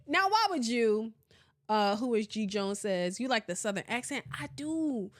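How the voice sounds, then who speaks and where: A young woman hosting a casual podcast, playful and animated, laughing often as she reads live comments. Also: fairly high pitch, a little slow. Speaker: podcast host.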